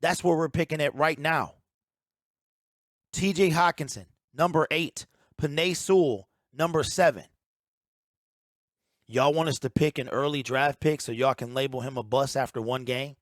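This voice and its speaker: Emphatic man, sports commentary, ranting tone, somewhat high voice, dry close sound. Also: moderate pace, long pauses, no echo. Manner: emphatic, ranting, repeats key points. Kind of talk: opinionated sports talk.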